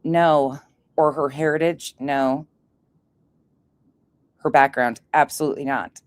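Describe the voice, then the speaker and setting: A woman with a low, deep-set voice delivers casual commentary on online drama. She is sarcastic and swears freely as she rants. Her recording sounds close and dry, with no room around it. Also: steady tone, slow pace, no room sound. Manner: sarcastic, profane ranting.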